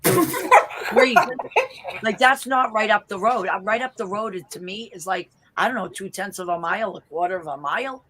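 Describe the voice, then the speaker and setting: Bright, blunt Boston woman. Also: mid-range voice, fast, few pauses, slight background noise, rough recording. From Boston area, US. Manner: animated storyteller, blunt and profane, laughs often. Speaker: interview guest. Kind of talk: casual chat.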